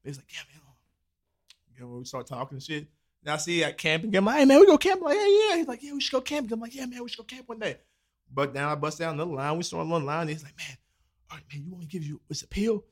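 A young man with a voice a little higher than most men's. He tells a story to his friends in an easy, animated way, slips into the voices of the people in it and swears freely. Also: fast talker, husky. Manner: animated, acts out quoted dialogue, swears freely.

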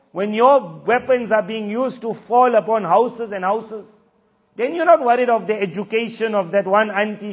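A man's voice: high-pitched, breathy edge. A man preaching a sermon, impassioned and scornful in turns, quoting Arabic verses. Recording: dull lo-fi audio in a long-reverb hall.

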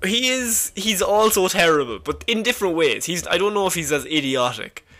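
Bright, chatty man telling comic lore. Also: sits high, animated, fairly quick. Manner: chatty, jokey, laughs often. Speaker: podcast co-host explaining comic history. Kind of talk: casual chat.

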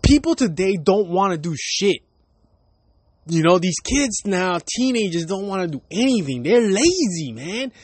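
Unhurried and sing-song, this Miami podcast host's voice sits high but has a darkish, husky tone, with no room sound. The man, in his thirties, goes on a loose, casual rant on his own show, cursing heavily and laughing a lot.

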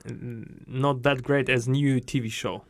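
A man's voice: medium pitch, steady tone, a little slow, crowd noise. A man from Russia with a Russian accent, co-hosting a casual podcast in non-native English and laughing often. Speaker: podcast co-host.

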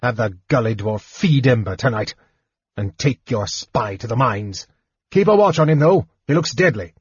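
A man voicing a commanding, mocking male warlord in an audiobook, barking his orders loudly. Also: mid-range voice, lively intonation, moderate pace, slightly rough, dry recording, lo-fi sound.

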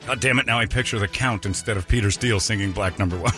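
A man's voice: lowish voice, quick pace, hardly any pauses, sharp tone, soft background music. A man hosting a radio morning show, joking with his co-hosts, laughing often and slipping into impressions. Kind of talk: casual radio banter. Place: radio studio. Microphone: studio microphone.

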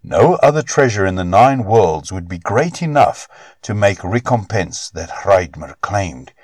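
A man narrating a myth-story aloud in an expressive, measured reading on a close mic. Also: lowish voice, no room sound.

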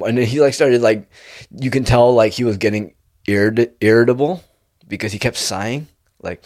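A young man rambles through a casual monologue in a lowish voice, laid-back and loose. He tosses "dude" into nearly every thought. The sound is dry and close, with little room around it. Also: normal speed, darkish tone, dry recording. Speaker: vlogger.

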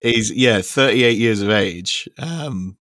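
A man's voice: fairly low pitch, takes it slowly, a bit bright, no echo, clean studio sound. A young man co-hosting a casual football podcast, rambling and laughing often, with casual swearing. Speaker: podcast co-host.

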